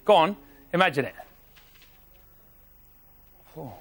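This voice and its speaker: A man's voice: fairly high pitch, animated, takes it slowly. A young man hosting a comic TV chat show, cheeky and teasing. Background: studio audience.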